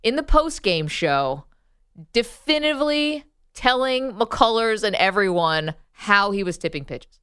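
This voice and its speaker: A woman co-hosts a casual sports talk show and teases her guests playfully. Her voice is smooth and clear. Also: mid-range voice, lively intonation, unhurried, fairly bright tone. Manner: playful, laughing. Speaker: co-host.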